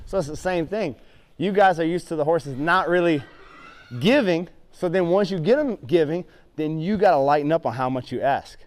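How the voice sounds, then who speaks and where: A middle-aged horse trainer with a notably high voice tells vivid stories, acting out his own reactions. He coaches a student through groundwork in an arena in the same animated way. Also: normal speed. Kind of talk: storytelling and hands-on riding instruction.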